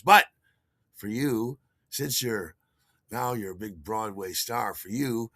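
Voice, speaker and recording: An older man spins a casual, rambling story as a podcast host, stopping to restart his sentences and chuckling at himself. His voice is bright and tense, recorded close and dry with no room sound. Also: slow pace, no echo. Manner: animated, acts out quotes in a higher voice.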